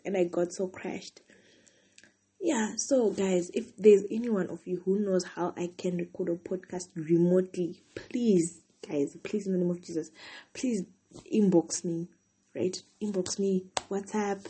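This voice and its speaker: A woman's voice: lowish voice, dark tone, a little hiss or hum. A young woman hosting a casual solo podcast. She sounds tired and chatty, rambling with lots of "like" between thoughts. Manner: chatty, rambling, heavy use of "like". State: tired, yawning. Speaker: podcast host.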